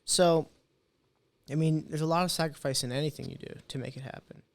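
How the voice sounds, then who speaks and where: A man's voice: on the high side, brisk, gravelly, dry recording. A man in his twenties, a podcast guest, telling his story in casual talk and acting out the quotes. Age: 20s. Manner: animated storyteller, acts out quotes.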